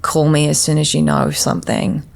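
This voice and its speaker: Low, gravelly-voiced woman recounting a loss. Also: monotone. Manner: halting, with frequent restarts. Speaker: podcast guest. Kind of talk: personal storytelling.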